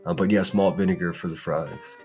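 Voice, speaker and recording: A man's voice: deep voice, fairly even intonation, fairly quick, soft background music. A man hosting a casual morning livestream, ranting bluntly with lots of swearing, breaking into laughs and reading chat. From Pittsburgh area. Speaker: livestream host.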